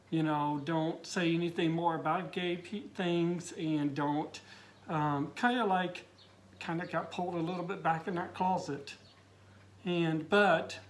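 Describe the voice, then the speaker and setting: A middle-aged man telling his personal coming-out story, teary and halting, with many fillers and restarts. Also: fairly high pitch.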